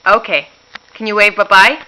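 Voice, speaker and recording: A woman's voice: mid-range voice, fairly even intonation, moderate pace, bright, forceful tone, a little hiss or hum, poor audio. A woman talking to her toddler at home in playful, coaxing baby talk, with frequent laughs. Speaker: mother.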